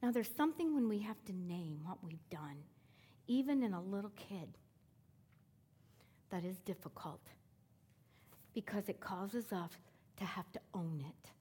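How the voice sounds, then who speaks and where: Breathy woman preaching, hushed to emphatic. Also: mid-range voice, expressive, measured pace, long pauses, big-room sound. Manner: swings from emphatic rising calls to hushed near-whispers. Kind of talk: sermon with storytelling.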